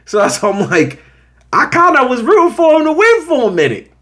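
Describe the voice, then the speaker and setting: A man's voice: very high-pitched, a little fast. A young man hosting a casual show review, telling scenes in slang and acting out the characters' reactions. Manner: slangy, animated storytelling with voiced reactions. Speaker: show host reviewing a series.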